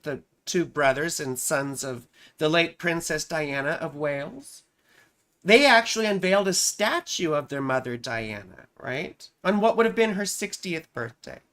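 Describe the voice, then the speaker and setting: A woman's voice: on the low side, a bit bright. A woman astrologer hosting a casual live stream. She talks in a chatty, self-amused way, often repeating her phrases and tossing in "right?".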